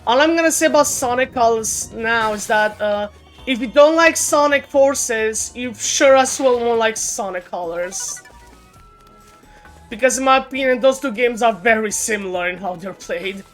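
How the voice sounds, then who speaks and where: A woman's voice: fairly high pitch, normal speed. A woman streamer chatting casually while playing a game, often stumbling and restarting her sentences. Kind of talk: casual gaming stream chat. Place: home streaming setup. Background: faint game music.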